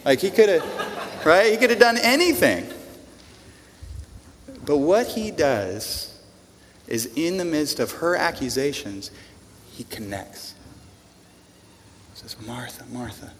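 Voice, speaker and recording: A man's voice: on the high side, expressive, slow, pauses often, a bit bright, a little hiss or hum. A man preaching a sermon to a congregation, talking in a conversational way, repeating words and asking them questions. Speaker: pastor. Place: church in front of a congregation. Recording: long reverb of a large room.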